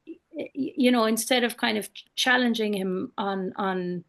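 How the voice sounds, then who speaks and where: A woman's voice: on the high side, normal speed, vocal fry, a bit bright. An Irish woman speaking earnestly on an online panel, often restarting and repeating words as she makes her case.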